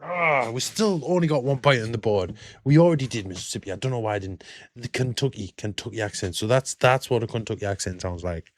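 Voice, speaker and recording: A British man hosting a casual reaction video, chatty and quick to laugh. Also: medium pitch, lively intonation, no room sound. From Britain.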